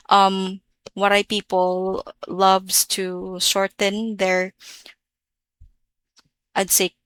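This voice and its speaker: A woman walks through a relaxed, chatty language lesson at a middling pitch. She repeats each example phrase a few times. The sound is dry and close, with no room around it. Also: dry recording. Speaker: language teacher.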